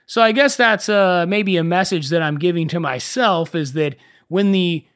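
Young male solo podcaster, animated storyteller, slightly high voice, dry close sound. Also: moderate pace, clean tone, no echo. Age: young adult. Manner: animated storyteller, swears freely. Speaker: podcast host. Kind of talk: casual solo podcast monologue.

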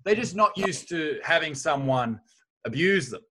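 A crude, blunt Australian man tells stories with a bright, forceful edge in his voice. He sounds like a stand-up comic guest chatting loosely and swearing freely. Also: fairly high pitch, unhurried. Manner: blunt, crude, animated storyteller. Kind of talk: casual anecdote telling.

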